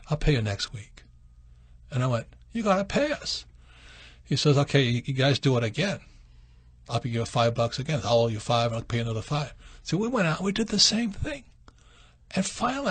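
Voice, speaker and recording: Man, radio show host, husky voice, dry studio sound, storytelling. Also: on the high side, dry recording. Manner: storytelling, animated when acting out quotes. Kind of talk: casual radio chat.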